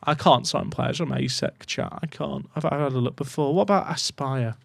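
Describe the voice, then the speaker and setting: A young man giving casual, excitable commentary on his game to his chat, swinging from muttering to loud outbursts. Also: medium pitch, normal speed, vocal fry, no room sound. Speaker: gaming YouTuber.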